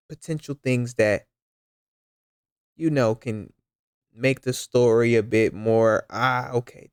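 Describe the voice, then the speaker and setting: A man's voice: medium pitch, dry recording. Guy reacting to a story, stumbles and repeats himself a lot, dry close sound. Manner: halting, repeats words, addresses the storyteller as sister. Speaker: reaction commentator. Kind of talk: casual reaction commentary.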